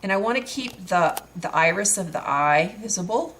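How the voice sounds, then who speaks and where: A woman's voice: mid-range voice, animated, normal speed, a bit bright, slight background noise. A woman talking through a craft tutorial in a chatty way while she works, with frequent fillers and restarts.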